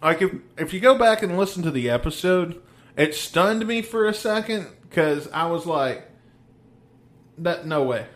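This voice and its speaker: Dude cohosting a podcast, kinda high voice, swears a lot, laughs thru his stories, chewing gum. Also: expressive, measured pace. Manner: profane, laughing storyteller. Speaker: podcast co-host. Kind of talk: casual podcast chat.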